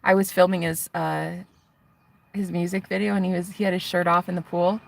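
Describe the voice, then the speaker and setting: A woman's voice: on the low side, flat delivery, a little fast, gravelly. A woman vlogging in a casual confessional chat, rambling and chatty with lots of fillers. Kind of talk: casual confessional vlog talk.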